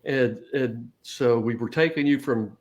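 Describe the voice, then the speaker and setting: A man's voice: medium pitch, a little slow. A middle-aged man co-hosting a casual talk show, telling a family story and laughing often. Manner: tells stories with laughs. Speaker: co-host.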